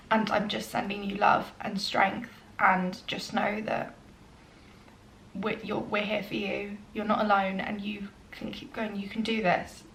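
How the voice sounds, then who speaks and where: A woman's voice: medium pitch, a little hiss or hum. Chatty young woman vlogger, roomy echo. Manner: chatty, earnest, frequent ums, turns soft and emotional. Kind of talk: casual get-to-know-me Q&A.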